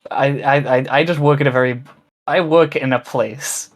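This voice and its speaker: A man co-commentating a live speedrun race, reacting quickly to the action with light teasing. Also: medium pitch, steady tone.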